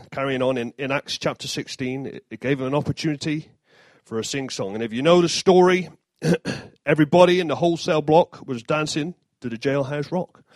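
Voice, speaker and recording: A man's voice: a little high, darkish tone, no echo. A man giving an informal sermon, mixing scripture with jokey asides and self-deprecating humor. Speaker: preacher.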